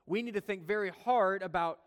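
A man's voice: high voice, a little fast, smooth. A male pastor preaching a sermon, earnest and conversational, with humorous personal asides. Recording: long hall reverb.

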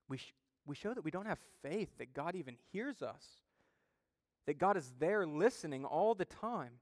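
A man's voice: high-pitched, no echo, studio quality, big-room sound. A male pastor preaching a sermon, emphatic and building intensity as he retells stories.

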